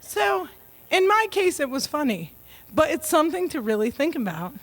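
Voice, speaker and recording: A woman giving a comedic keynote speech, joking and self-mocking with quick punchlines. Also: high-pitched, big pitch swings. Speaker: keynote speaker.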